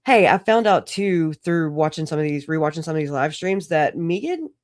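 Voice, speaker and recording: A woman's voice: low-pitched, expressive, normal speed, darkish tone, no echo, clean studio sound. A woman hosting a casual solo livestream, rambling through stories, swearing and laughing often. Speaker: livestream host.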